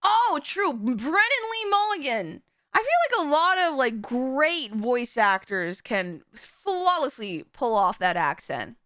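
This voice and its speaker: Bright, lively-voiced woman streamer. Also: sits high, slow, dry recording, studio quality. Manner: rambling, stumbling over restarts, giggly. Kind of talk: casual live-stream chat.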